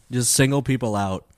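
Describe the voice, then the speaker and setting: A man's voice: medium pitch, no echo, studio quality. A young adult man, a stand-up comedian, chatting casually in a profane, rambling way and laughing often. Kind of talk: casual podcast chat.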